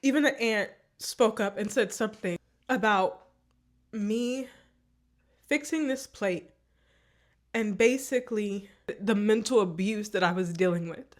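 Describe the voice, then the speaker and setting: A woman's voice: mid-range voice, measured pace, pauses often. A woman vlogger telling a personal story in a candid, emotional way, often repeating herself.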